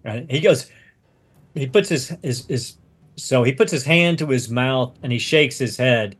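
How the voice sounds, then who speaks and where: Husky-voiced man narrating as game master. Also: mid-range voice. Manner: casual, halting, many restarts.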